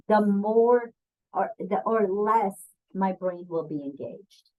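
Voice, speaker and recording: In this webinar on bias, a female diversity and bias trainer talks at a slow, unhurried pace and medium pitch. She keeps things conversational, says um often, and puts questions to the people listening. The audio sounds narrow and tinny.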